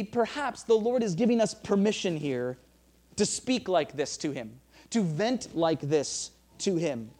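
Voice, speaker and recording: A man's voice: sits high, darkish tone. A man preaching a sermon as pastor, earnest, often restarting phrases and reading scripture aloud.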